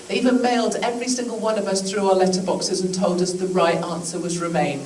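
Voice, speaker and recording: A woman's voice: medium pitch, brisk, hardly any pauses, a little mellow. A woman with a British accent gives a chatty, joking speech to a live audience. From England. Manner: chatty, joking asides, acted quotes. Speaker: political speaker. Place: large indoor venue with an audience. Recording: echoey room from far off, crowd noise.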